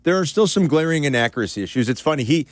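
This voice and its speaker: A man co-hosting sports radio, breaking down the game with candid, animated opinions. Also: a little high, rapid-fire, dry recording. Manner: animated, candid analysis with asides. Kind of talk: casual sports talk. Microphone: studio broadcast mic.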